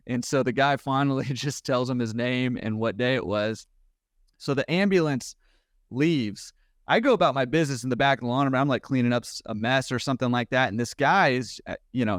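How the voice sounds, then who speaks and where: A man's voice: mid-range voice, no room sound, studio quality. A man, a podcast guest, telling a story casually and with energy, chuckling as he goes. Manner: animated, quick, laughing at his own story.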